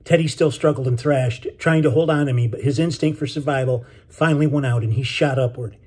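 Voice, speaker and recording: Male author-narrator, husky and dark, measured audiobook storytelling. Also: mid-range voice. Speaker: author reading his novel. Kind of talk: scripted narration.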